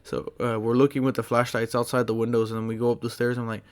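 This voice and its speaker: A man telling a story to his channel in a casual, rambling way, full of fillers and excited restarts. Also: mid-range voice, fast talker, clear, resonant tone. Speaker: vlogger.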